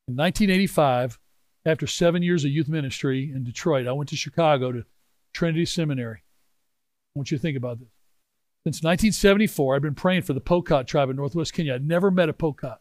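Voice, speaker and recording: A man in his sixties telling a personal story in a sermon, swinging from hushed asides to loud exclaiming. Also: on the high side, quick pace, no echo. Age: 60s. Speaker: pastor.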